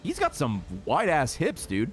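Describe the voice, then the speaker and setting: A man streaming a game, excitable and swearing freely as he yells at the creatures on screen. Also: on the high side, a little slow, soft background music. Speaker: gaming streamer. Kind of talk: casual let's-play commentary.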